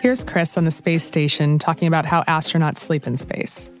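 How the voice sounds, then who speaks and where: A woman's voice: low-pitched, fairly even intonation, normal speed. A woman narrating a documentary in an enthusiastic, conversational scripted style. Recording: dry studio voice-over with soft music.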